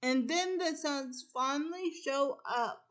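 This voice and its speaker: A woman retelling a film plot in a casual chat, halting and stringing events together with repeated "and then.". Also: high-pitched, a bit bright.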